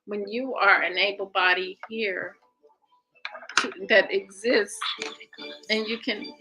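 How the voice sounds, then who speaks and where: A woman hosting a livestream, slowly guiding listeners through self-reflection questions and thanking viewers by name. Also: mid-range voice, steady tone, heavy background noise. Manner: slow, repeating questions with shifting emphasis. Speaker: livestream host. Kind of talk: guided self-reflection talk.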